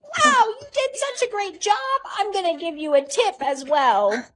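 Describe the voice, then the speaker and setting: A woman's voice: very high voice, very animated, a little slow, heavily acted. A synthetic text-to-speech woman's voice playing a doting older woman neighbor who calls people honey. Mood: friendly. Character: kindly older woman neighbor, dog owner.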